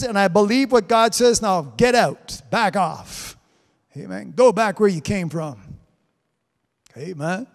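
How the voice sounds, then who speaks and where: A man preaching a live-streamed sermon, fervent and punctuated with amens and hallelujahs. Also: high voice. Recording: reverberant hall sound.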